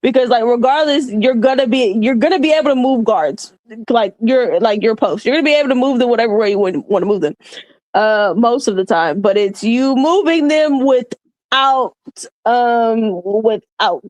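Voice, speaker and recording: A woman's voice: fairly high pitch, normal speed, a little mellow, dry recording. A woman co-hosting a basketball podcast, thinking aloud with many restarts and giving coaching-style advice. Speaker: sports podcast co-host. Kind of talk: casual basketball chat.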